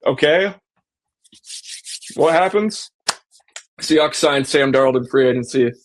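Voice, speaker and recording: Animated man talking sports, fairly high. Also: a little slow, a little hiss or hum. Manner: animated, slips into mocking voices for quotes. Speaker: sports podcast host. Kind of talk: casual fan commentary.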